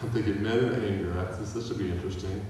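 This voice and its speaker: A man's voice: lowish voice, steady tone, fast talker, dark tone, recorded from a distance. Man preaching in an echoey hall. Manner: conversational, with humor and acted-out quotes. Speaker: pastor. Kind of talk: sermon. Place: church sanctuary.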